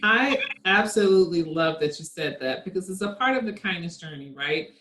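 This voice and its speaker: Low-voiced reflective woman, echoey room. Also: animated, fairly quick. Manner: earnest and reflective, laughing softly. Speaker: guest, kindness network founder. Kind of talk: conversational interview. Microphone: video call.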